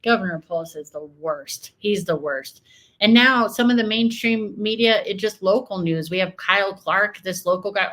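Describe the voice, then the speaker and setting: A woman's voice: medium pitch, moderate pace, fairly bright tone. An American woman giving emotional, emphatic political reaction commentary, often repeating her points. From United States. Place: home.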